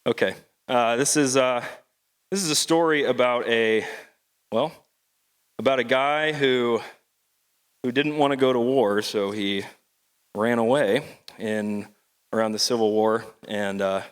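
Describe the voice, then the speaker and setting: A man's voice: medium pitch, unhurried, long pauses, clear, resonant tone. A fisherman poet performing on a theatre stage, telling stories in a wry, conversational way. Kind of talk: stage poetry storytelling.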